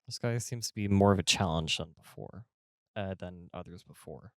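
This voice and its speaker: A man's voice: low voice, moderate pace, dry recording, studio quality. A man narrating a tabletop game as game master, casual and rambling.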